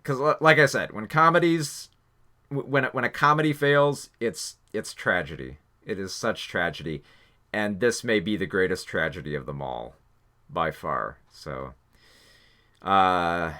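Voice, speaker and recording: A man reviewing a film in a casual spoken style, exasperated and halting with many restarts. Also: sits low, sharp tone.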